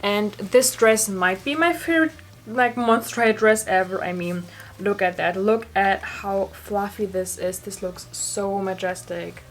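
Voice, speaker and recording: A woman's voice: medium pitch, a little slow. A young woman gushing and swearing casually as she reviews dolls in a casual vlog. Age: young adult. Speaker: doll collector vlogger.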